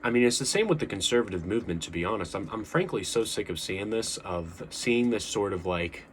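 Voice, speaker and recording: A man's voice: on the low side, expressive, a little fast, slight background noise. A young man talking earnestly to camera in a casual monologue, rambling with frequent restarts and fillers. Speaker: vlogger.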